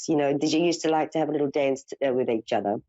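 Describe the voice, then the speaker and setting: A woman's voice: sits low, very fast, dark tone, no echo. A woman giving a live psychic reading, speaking in a soothing, reassuring way and calling her caller dear and darling. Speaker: psychic medium host. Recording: dull lo-fi broadcast audio.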